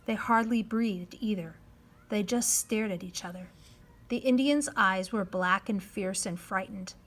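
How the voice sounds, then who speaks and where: A woman narrating a children's novel in a measured storytelling voice, dropping to a hush at times. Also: mid-range voice, slight background noise. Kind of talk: reading a children's novel aloud.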